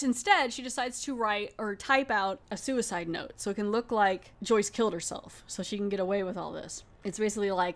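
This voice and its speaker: A woman podcast host walks through a horror episode scene by scene in a relaxed, talkative voice. She laughs often and slips into mocking voices when quoting the characters. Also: medium pitch, normal speed. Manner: chatty, laughing, acting out characters' lines in a mocking voice. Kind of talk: casual episode recap.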